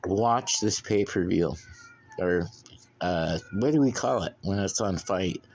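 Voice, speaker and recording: A man's voice: deep voice, slow, darkish tone, slight background noise. A man hosting a podcast alone, rambling casually and bluntly with plenty of swearing while drinking beer. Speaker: podcast host.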